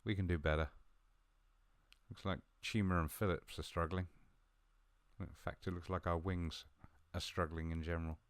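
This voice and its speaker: A man talking through a football management game he is playing, chatty and a little mumbling, with sudden bursts of excitement. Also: deep voice, moderate pace, long pauses, dry recording. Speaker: gaming video host. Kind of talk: live game commentary.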